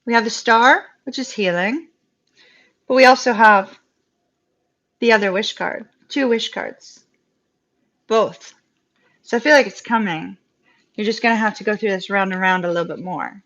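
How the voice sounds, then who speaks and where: A woman with a Southern US accent giving a live tarot reading, chatty and reassuring and quick to laugh. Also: mid-range voice, fairly bright tone. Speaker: tarot reader. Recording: dull lo-fi live-stream audio.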